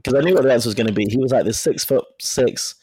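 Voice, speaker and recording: A man's voice: mid-range voice, fast talker, darkish tone, slightly rough. A man chatting casually, telling a story frankly and acting out the dialogue as he goes. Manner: frank and profane. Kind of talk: casual chat.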